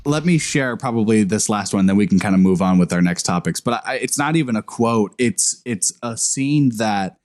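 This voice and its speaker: A man chatting casually on a podcast, laughing often and getting animated when he quotes lines. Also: on the low side, moderate pace, few pauses. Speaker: podcast co-host. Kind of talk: casual chat.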